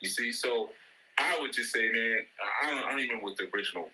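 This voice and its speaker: A middle-aged man talks off the cuff, loose and slangy, breaking into laughter as he goes. His voice is very bright and forceful, sitting at an ordinary pitch for a man. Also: fast talker, low-quality recording. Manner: laughs often, repeats "you know what I'm saying"; slangy, joking, mocks with high-pitched quoted voices. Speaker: ministry speaker. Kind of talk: casual motivational talk in an audio chat room.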